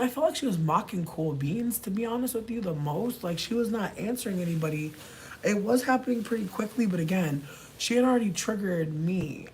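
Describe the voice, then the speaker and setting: A woman livestreaming while high on mushrooms, rambling and swearing as she talks to her chat and repeats herself. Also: a little mellow, slight background noise.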